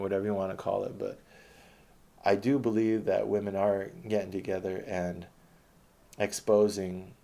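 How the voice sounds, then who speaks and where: A man's voice: low voice, gravelly, dark tone. A man delivering an impassioned political monologue, ranting with frequent restarts and hesitations. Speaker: political commentator.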